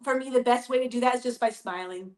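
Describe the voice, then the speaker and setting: Upbeat chatty woman, higher voice. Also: fast talker, darkish tone. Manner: upbeat, chatty, addresses listeners as you guys. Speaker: podcast host. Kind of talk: casual motivational talk. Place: home basement.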